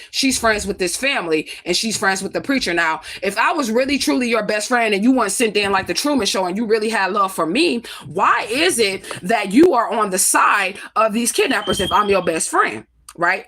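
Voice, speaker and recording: A woman's voice: medium pitch, pushed and bright. A woman from St. Louis talking casually to her camera, profane and emphatic, often asking rhetorical questions. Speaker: vlogger.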